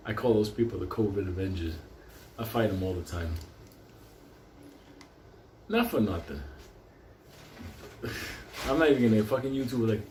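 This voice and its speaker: A man's voice: on the low side, normal speed, pauses often, dark tone, a little hiss or hum. A man on a profane, rambling rant, drifting off mid-thought and restarting. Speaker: vlogger. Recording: roomy echo, faint ambience.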